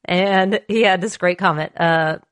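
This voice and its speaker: A woman's voice: lowish voice, measured pace, no echo, studio quality. Bubbly, jokey woman podcast host. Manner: bubbly, jokey, animated storyteller. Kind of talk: casual chat.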